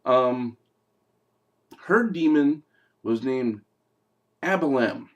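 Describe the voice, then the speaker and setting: A man talks through a movie review in a loose, casual way, often stopping with "um" and "uh" to head off on a tangent. His voice sits at a plain middle pitch. He keeps the tone offhand and jokey as he goes. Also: lively intonation, extremely slow, lo-fi sound. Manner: rambling and digressive, with many fillers and jokes. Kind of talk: casual film review vlog.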